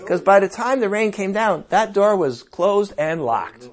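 A man preaching a sermon in a conversational, animated way, with playful asides and sudden outbursts. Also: high-pitched, slow, long pauses.

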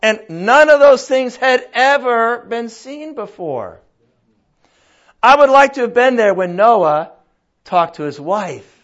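A man's voice: very high voice, expressive, takes it slowly, fairly bright tone. An older man preaching a sermon in a conversational, folksy way, full of rhetorical questions. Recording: dull lo-fi recording.

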